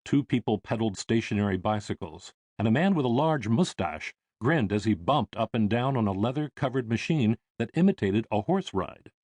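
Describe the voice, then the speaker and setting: A man reading an audiobook in measured, expressive scripted narration. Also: fairly low pitch, dry recording.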